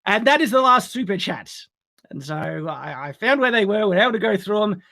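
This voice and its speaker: Higher-voiced man hosting a live stream. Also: animated, fairly quick, creaky, sharp tone. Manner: upbeat, laughs often, reads donations aloud. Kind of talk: casual live stream chat.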